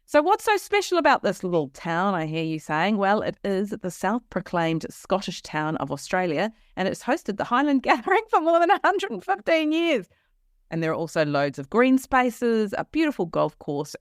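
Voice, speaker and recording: A woman's voice: mid-range voice, very animated, normal speed, no room sound, studio quality. Chatty New Zealand woman co-host. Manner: chatty, laughs often. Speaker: podcast co-host. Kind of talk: casual chat.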